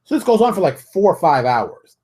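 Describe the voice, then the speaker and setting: Fast-talking emphatic male show host. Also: sits high, very animated, dark tone. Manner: emphatic, rants, repeats phrases, acts out quotes. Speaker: host of a daily tabletop games industry show. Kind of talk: casual solo monologue.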